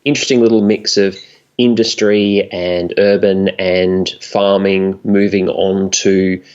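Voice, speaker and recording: Man, forties, South Australian accent, low-pitched voice, muffled lo-fi sound, chatty, wry. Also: flat delivery, measured pace, darkish tone, smooth. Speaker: guest, wrestling commentator. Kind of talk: casual chat.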